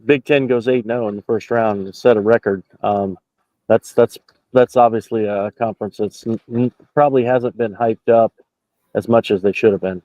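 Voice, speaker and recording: Fresh out of the locker room at a basketball arena, a man with a low, steady, mellow voice gives loose postgame thoughts at a normal speed. He rambles with lots of fillers and restarts, and the dull lo-fi call has no room sound.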